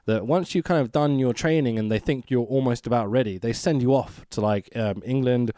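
A man co-hosting a casual podcast, talking in an animated way, laughing often and acting out quotes in a high voice. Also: fairly quick, no room sound, studio quality. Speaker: podcast co-host. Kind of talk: casual wrestling podcast chat.

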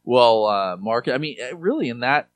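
A man's voice: medium pitch, animated, normal speed, crowd noise. A man in his forties, co-hosting a podcast, chatting casually about movies in a rambling way with many restarts. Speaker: podcast co-host.

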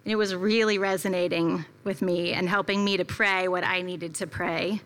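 Woman, preacher, conversational sermon, reflective storytelling, bright tone. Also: fairly low pitch, fairly even intonation, moderate pace. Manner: reflective, personal storytelling with casual fillers. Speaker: preacher at a church gathering.

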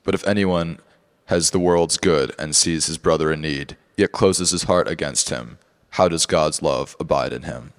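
Very deep-voiced man reading scripture. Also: moderate pace, clean tone. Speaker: scripture reader.

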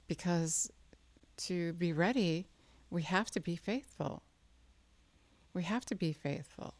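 Low-voiced woman preaching a sermon. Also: fairly even intonation, takes it slowly, pauses often, a little mellow, no echo. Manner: earnest, acts out quoted speech with rising pitch.

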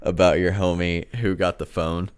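A man's voice: low voice, level tone, moderate pace, smooth. A man hosting a podcast in a casual, easygoing way, who laughs a lot. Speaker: podcast host.

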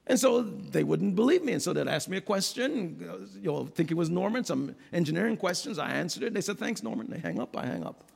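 A middle-aged man preaching a sermon, swinging from low, quiet stretches to loud, ringing calls. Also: expressive, brisk, gravelly, few pauses, slightly rough. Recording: long hall reverb.

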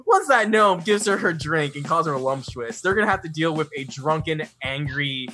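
A man's voice: fairly high pitch, lively intonation, moderate pace, sharp tone. A man playing in a tabletop game, chatting casually, nervous and laughing often. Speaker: player.

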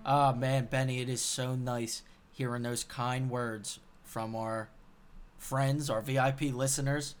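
A man's voice: mid-range voice, level tone, a little slow, soft background music. A man hosting a podcast in casual chat, talking earnestly and gratefully. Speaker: podcast host.

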